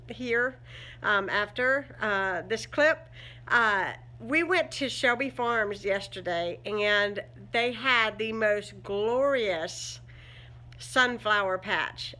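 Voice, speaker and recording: A woman's voice: on the high side, sharp tone. A woman chatting casually in a home vlog, rambling with many fillers and frequent laughs. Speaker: vlogger. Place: at home indoors.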